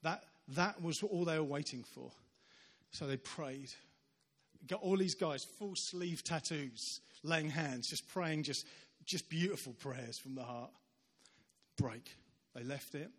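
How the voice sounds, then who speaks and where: A man preaching a sermon, his voice pitched a little high. He tells stories in an animated way, acting out the people in them. His words carry a long reverb through a large church hall. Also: slow pace. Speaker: visiting preacher. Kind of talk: sermon storytelling.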